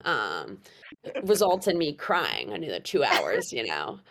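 A young woman telling a story in casual chat, animated and laughing, with plenty of fillers. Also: a bass voice, measured pace, creaky, slight background noise. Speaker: guest storyteller.

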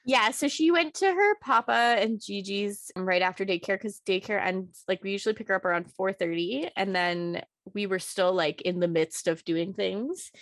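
A woman's voice: mid-range voice, moderate pace, hardly any pauses, a bit bright, no room sound. A young woman, a new mother, chatting casually, laughing often and using many fillers. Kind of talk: casual chat.

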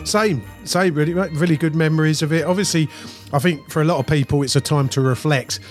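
A man's voice: fairly high pitch, fairly quick, soft background music. A middle-aged man co-hosting a podcast in casual, teasing chat. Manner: jokey, teasing, puts on an accent. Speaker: podcast co-host.

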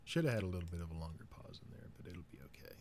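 A man's voice: sits low, big pitch swings, rapid-fire, gravelly, background noise. A man recording an amateur audio drama, joking and laughing at his own mistakes between takes. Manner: self-mocking, laughing at his own flubs. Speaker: voice actor in a fan audio drama. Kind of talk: casual blooper chat between takes.

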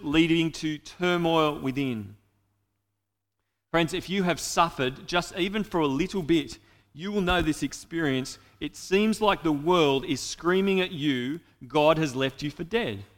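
A man's voice: a little high, a bit bright, in a large hall. A man preaching a sermon in an earnest way, speaking directly to his listeners.

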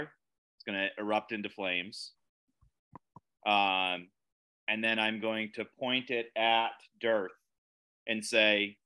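A man speaking as a player in a tabletop game, slow and deliberate as he declares his character's actions. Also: fairly low pitch, level tone, bright, forceful tone, clean tone. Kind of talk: casual tabletop play.

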